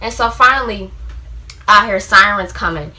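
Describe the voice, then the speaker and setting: A young woman with a bright, forceful voice tells a story from her own life in a loose, rambling way. She leans on "like" constantly and jumps into loud acted-out quotes of the people in it. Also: mid-range voice, normal speed. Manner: rambling, heavy use of "like", acts out shouted quotes. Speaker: vlogger. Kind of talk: storytime vlog, casual retelling.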